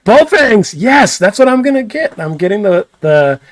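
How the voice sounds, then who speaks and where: A man co-hosting a live stream, chatting casually and excitedly, rambling and laughing often. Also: high voice, normal speed, no echo. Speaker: co-host of a live stream show. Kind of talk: casual banter.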